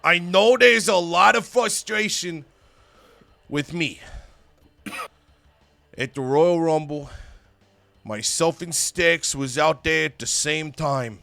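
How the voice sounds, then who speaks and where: A man's voice: fairly high pitch, animated, slow, creaky, pauses often, pushed and bright, no echo, soft background music, full character voice. A man voicing a brash male wrestler who defends himself, curt then pleading. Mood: defensive.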